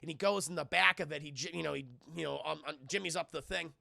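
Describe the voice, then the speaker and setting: A man giving a casual spoiler review of a film to his live stream chat, talking in an animated, profane way and laughing often. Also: fairly high pitch, quick pace, vocal fry, dry recording, studio quality.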